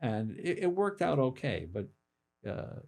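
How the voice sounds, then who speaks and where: An older man, a comedian guest, telling casual anecdotes with quick asides and acted-out quotes. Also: mid-range voice, big pitch swings, vocal fry, darkish tone. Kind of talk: casual storytelling.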